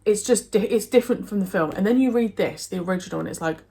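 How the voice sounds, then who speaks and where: A woman's voice: medium pitch, fast, gravelly, warm tone, breathy edge. A young woman from England chatting casually and enthusiastically about books she read, with many fillers and restarts. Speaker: book vlogger. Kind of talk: casual book review chat.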